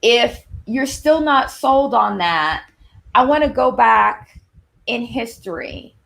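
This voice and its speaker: Gravelly-voiced woman with a Southern accent. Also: on the high side, slow pace. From Long Island, New York. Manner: animated storytelling with emphatic shifts in pace. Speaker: speaker on workplace anti-racism. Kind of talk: presentation to an audience.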